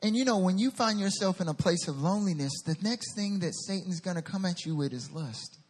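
A man delivers a sermon with a husky, somewhat high voice. He is animated and acts out the voices in the scripture story. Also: fairly quick, long reverb tail. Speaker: pastor.

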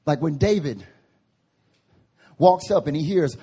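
Husky-voiced man preaching a lively sermon. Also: on the high side, a little slow, long pauses. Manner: lively, preaching with voiced asides and swings from loud to hushed. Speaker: pastor. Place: church service.

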